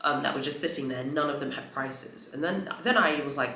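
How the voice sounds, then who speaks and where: Chatty woman vlogger with gravelly fry. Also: sits low, brisk, pushed and bright, slight background noise. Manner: chatty, rambling retelling with many fillers. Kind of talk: casual storytelling vlog. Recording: roomy echo.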